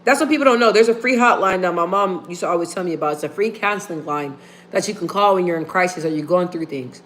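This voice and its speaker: A woman's voice: on the low side, fast, fairly bright tone, a little hiss or hum. A woman hosting a casual livestream, talking straight to her viewers and repeating phrases for emphasis. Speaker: livestream host. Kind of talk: casual live-stream chat.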